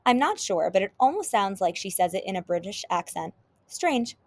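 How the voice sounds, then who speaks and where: Reading from a children's chapter book, this woman teacher tells the story with lots of expression. She has a mid-range voice and speaks at a normal pace.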